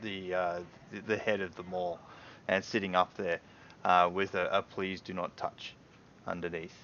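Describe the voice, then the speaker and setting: A man's voice: deep voice, little pitch movement, moderate pace, sharp tone, dull audio, a little hiss or hum. A man narrating as game master in a loose, casual way, full of fillers and hedging words.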